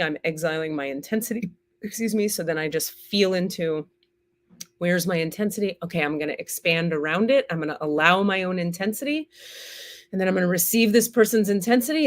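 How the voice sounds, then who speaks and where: A woman's voice: fairly low pitch, a little fast. A woman teaching on a live stream in a candid, casual way, swearing freely and acting out the inner voices she describes. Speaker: spiritual teacher and healer.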